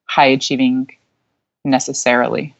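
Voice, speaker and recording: A young woman with a low-pitched voice tells her story as an interview guest, chatty and quick to laugh, with plenty of fillers. The recording sounds dull and lo-fi. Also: flat delivery, creaky. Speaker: guest, micro school founder.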